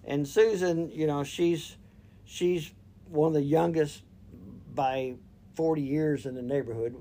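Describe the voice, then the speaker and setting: A man's voice: a little high, steady tone, unhurried, mellow. A middle-aged man telling a neighborhood story in casual chat, with lots of fillers and trailing phrases. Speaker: co-host.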